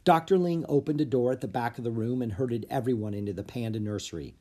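A narrator reading a children's chapter book aloud with expressive storytelling. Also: medium pitch, fairly quick, hardly any pauses. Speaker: audiobook narrator.

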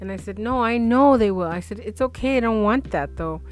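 A woman's voice: on the high side, a little fast, faint music behind. A woman co-hosting a podcast, telling a story in casual chat, acting out the other people's lines and laughing as she goes. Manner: animated, acts out quotes, laughs through story. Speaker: podcast co-host.

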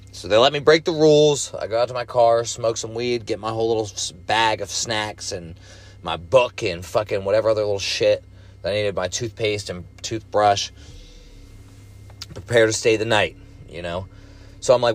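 A man's voice: lowish voice, moderate pace. A young man telling a casual story in a blunt, rambling way, swearing constantly.

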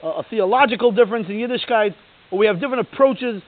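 High-voiced man preaching over a tinny line. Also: quick pace. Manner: storytelling, building to emphatic rhetorical questions. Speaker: Torah lecturer. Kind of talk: sermon. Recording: tinny phone-like recording.

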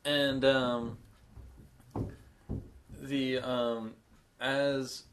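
A man's voice: medium pitch, flat delivery, drawn-out words, fairly bright tone. A man co-hosting a comedy podcast, telling a casual story in a meandering, self-correcting way. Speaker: podcast co-host.

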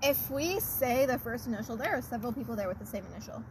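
A teenage girl with a high, bright voice tells a chatty school story, breaking into giggles. Faint traffic noise sits behind her, recorded in a car in a parking lot. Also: fast, low-quality recording. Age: teens. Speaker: podcast co-host. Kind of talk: casual chat.

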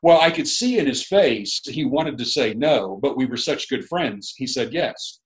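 A man's voice: medium pitch, lively intonation, measured pace, poor audio. A middle-aged man, a guest minister, telling a long story in a rambling, chuckling, casual way with many restarts.

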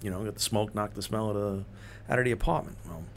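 A man's voice: lowish voice, steady tone, quick pace. A man and former police officer in casual conversation, hesitant with lots of fillers.

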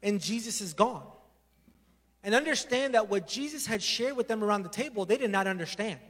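A male pastor with a very high voice delivers a sermon briskly, telling the story with animated energy and slipping into acted character voices. A long reverb from the large hall rings out behind his words.

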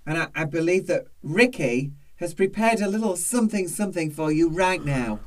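A man co-hosting a chat, expressive and dramatic, with loud laughs. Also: a little high, normal speed, recorded from a distance. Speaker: co-host, drag performer. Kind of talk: casual chat.

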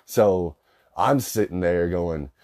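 Low-voiced young man, rambling and profane. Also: slow, darkish tone. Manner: rambling, profane, filler-heavy. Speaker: storyteller. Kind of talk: casual personal anecdote.

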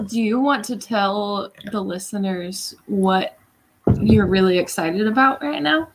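A woman's voice: medium pitch, measured pace, rough recording. A woman co-hosting a podcast in casual chat, teasing her co-host and laughing often.

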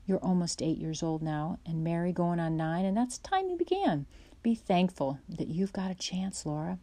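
A woman voicing a kindly, patient pioneer father who talks in a steady, reassuring way. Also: on the low side, normal speed.

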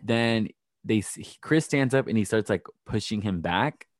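A man co-hosting a casual chat, recapping events with animated retellings. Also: fairly low pitch, moderate pace, no echo, studio quality. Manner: animated, acts out quotes in voices. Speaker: podcast co-host recapping a reality show.

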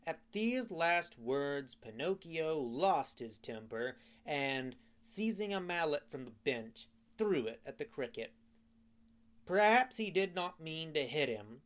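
A man narrating a storybook in an unhurried, measured reading. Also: medium pitch, animated, muffled recording. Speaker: audiobook narrator.

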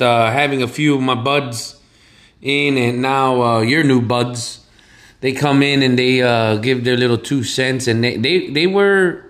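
A man's voice: medium pitch, fairly bright tone. A man co-hosting a casual podcast, joking loosely and rambling with lots of fillers. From Chicago area, USA. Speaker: podcast co-host. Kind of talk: casual chat.

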